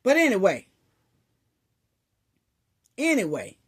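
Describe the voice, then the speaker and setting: Slow, sarcastic woman with a lively voice. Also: mid-range voice, husky. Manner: sarcastic, scolding, rhetorical questions. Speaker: commentary vlogger. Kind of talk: opinion commentary monologue.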